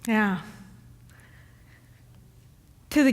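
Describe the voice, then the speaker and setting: Woman minister, animated storyteller, high voice, long hall reverb. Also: a little slow. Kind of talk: sermon. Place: church hall.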